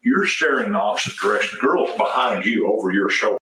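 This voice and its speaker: Methodical attorney in an echoey room. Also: male voice, fairly low pitch, lively intonation, quick pace, bright, forceful tone. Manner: leading, methodical questions. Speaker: defense attorney. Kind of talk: questioning in a police interview. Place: police interview room. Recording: echoey room, distant mic, faint hiss.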